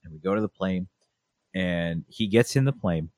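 A young man telling family stories in a relaxed chat, acting out a toddler's lines with lots of energy. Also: sits low, normal speed, no echo, clean studio sound. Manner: animated storyteller, acts out a toddler's voice. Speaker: podcast co-host. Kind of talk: casual storytelling chat.

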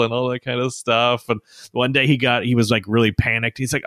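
A man in his thirties co-hosting a podcast, chatting casually and laughing his way through funny stories. His voice is pitched in the middle, neither high nor low. It sounds dry and close to the mic, with no room sound. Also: fairly quick, no echo. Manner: animated storyteller, laughs often, high child voices in quotes. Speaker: podcast co-host. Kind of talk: casual chat.

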